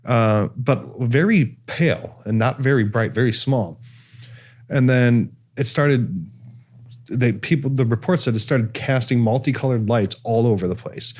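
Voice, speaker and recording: Speaking unhurriedly in a medium-pitched, darkish voice, a Cleveland man hosts a casual podcast chat. He relates a story with lots of fillers and restarts.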